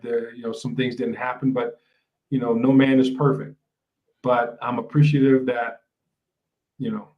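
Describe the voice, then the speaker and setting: A man speaking as a life coach guest in an interview, reflective and halting, with many fillers and restarts. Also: mid-range voice, lo-fi sound. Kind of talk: casual interview talk. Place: lives in a large city.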